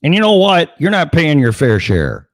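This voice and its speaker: A man's voice: on the high side, wildly swooping pitch, normal speed, dry recording. A man hosting a show, delivering a sarcastic, profane ranting monologue full of mocking asides. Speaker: show host.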